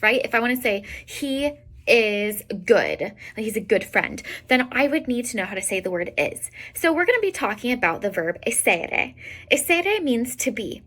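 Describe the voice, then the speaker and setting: A young woman teaching an Italian lesson, explaining patiently and repeating each example word clearly. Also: medium pitch, fairly bright tone. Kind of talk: online language lesson.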